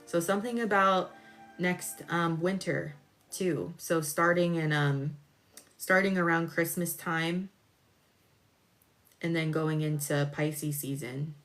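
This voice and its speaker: A woman doing a live-stream tarot reading, chatty and expressive, jumping from excited squeals to low murmurs as she talks to her viewers. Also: takes it slowly, pauses often, soft background music. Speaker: tarot reader.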